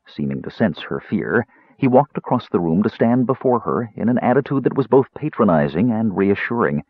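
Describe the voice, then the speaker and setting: A man reading a fantasy novel aloud as an audiobook narrator, with expressive, dramatic delivery. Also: on the low side, normal speed, slightly rough, no room sound. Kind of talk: scripted narration. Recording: dry, slightly dull recording.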